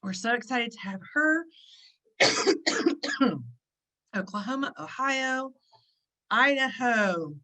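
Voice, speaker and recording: Bright, excitable woman hosting a video call. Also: fairly high pitch, slow pace, long pauses, low-quality recording. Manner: chatty, excitable, lots of fillers. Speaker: host of an online gathering. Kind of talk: casual chat. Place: at the beach, indoors.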